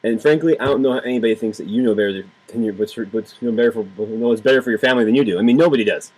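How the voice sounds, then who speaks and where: A man's voice: medium pitch, racing, darkish tone, breathy edge, low-quality recording. A man giving heated, sarcastic political commentary, repeating himself and swearing freely. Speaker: political vlogger. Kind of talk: ranting political commentary to camera.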